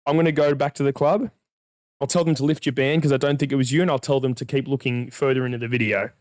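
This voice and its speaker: A man's voice: medium pitch, fairly even intonation, quick pace, no echo, studio quality. A young man, a podcast co-host, telling a long story in casual chat, acting out the dialogue and swearing freely.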